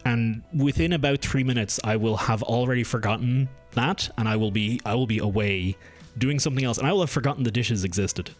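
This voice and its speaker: A man's voice: mid-range voice, a little fast, faint music behind. A young man streaming from home, chatting casually with his viewers, rambling and restarting his sentences as he goes off on tangents. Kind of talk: casual live-stream chat. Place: home room.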